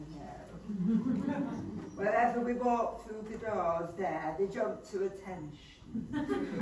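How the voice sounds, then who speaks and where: A woman's voice: mid-range voice, slight background noise, lightly acted. A woman playing a snobbish wealthy wife in a stage play, haughty and gushing. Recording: echoey hall, far from mic.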